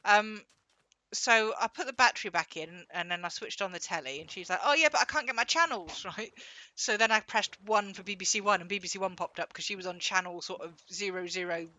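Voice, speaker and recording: A woman's voice: fairly low pitch, steady tone, a little fast, sharp tone. A young woman chatting casually while gaming, rambling and acting out quoted voices as she tells a story. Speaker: gaming co-host.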